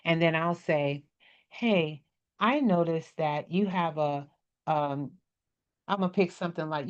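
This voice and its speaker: A woman with a low voice and slow delivery, carrying a slight country twang from the Maryland area, presents a casual workshop on business speaking skills. She's chatty and coaching, often checking in with "okay? right?", and records indoors at a computer on a desk microphone with a webcam, giving dull lo-fi sound.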